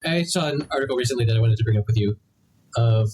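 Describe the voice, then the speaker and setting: A man's voice: mid-range voice, quick pace, very noisy. A young adult man co-hosting a podcast, chatting casually and rambling through his points with many restarts. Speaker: podcast co-host. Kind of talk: casual chat.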